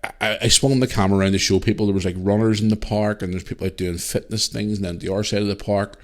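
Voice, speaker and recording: A middle-aged man with a Northern Irish accent hosts a solo podcast. He talks in a loose, rambling, chatty way, working through listener messages. His voice sits a little low. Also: fairly even intonation, fast. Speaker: podcast host. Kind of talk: casual solo podcast chat.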